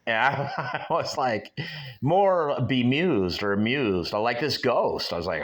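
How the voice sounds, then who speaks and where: In a relaxed solo vlog, a sixty-something host rambles through his musings and talks right to his audience. He takes his time in an expressive, mid-range voice with a fairly bright tone.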